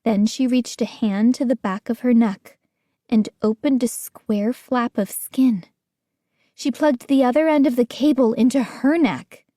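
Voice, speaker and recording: A woman reads an audiobook in a measured, unhurried voice that sits a little high. The sound is close and dry, with no room around it. She narrates in the first person and voices the other characters too. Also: mellow, dry recording. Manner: acts out scared young narrator and other characters' lines. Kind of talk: scripted narration.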